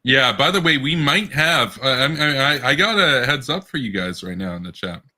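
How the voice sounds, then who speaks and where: A man's voice: mid-range voice, expressive, moderate pace, sharp tone. A man co-hosting a casual political podcast, rambling with many restarts and bursts of laughter. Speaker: podcast co-host.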